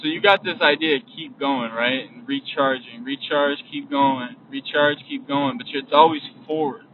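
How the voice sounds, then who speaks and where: A young podcast host gives a casual, rambling motivational monologue while driving, speaking at normal speed in a medium-pitched, fairly even voice. He repeats himself a lot, trails off, and restarts sentences. The recording is distant and phone-like, with faint road noise from inside the vehicle.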